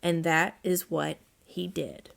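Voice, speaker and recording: A woman reading a children's storybook aloud as narrator, in a gentle read-aloud manner. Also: lowish voice, fairly even intonation, slow pace, vocal fry.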